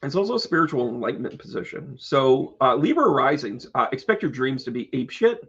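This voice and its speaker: A man's voice: mid-range voice, sing-song, brisk, fairly bright tone, husky, lo-fi sound. A man hosting an astrology live stream, chatty and joking, talking to his viewers by name. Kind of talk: casual live stream chat.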